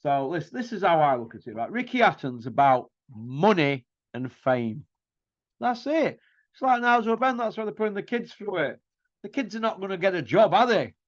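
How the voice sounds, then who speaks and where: Mocking and confrontational, this boxing commentary host delivers a ranting monologue of opinions full of rhetorical questions. He speaks at a moderate pace in a high, sing-song voice. There's no echo, just a dull, dry lo-fi sound.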